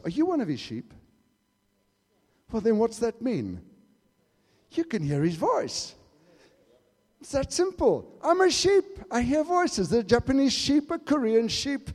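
A high, husky male preacher whose voice leaps around with lively swings as he tells his story. He drops to a near hush, then bursts into shouted exclamations. His words ring out with a long reverb from a church hall. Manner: emphatic, swings from hushed to shouting. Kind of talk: sermon with storytelling.

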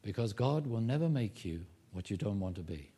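A man preaching a sermon as pastor, emphatic, rising loud on key phrases and dropping low to make a point. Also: animated, normal speed, husky.

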